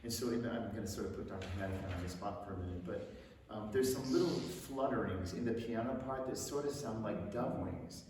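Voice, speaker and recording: A bass singer introducing a song at a concert in a chatty, rambling way with frequent restarts. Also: male voice, brisk, background noise. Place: concert hall stage. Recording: echoey hall from far off, with music.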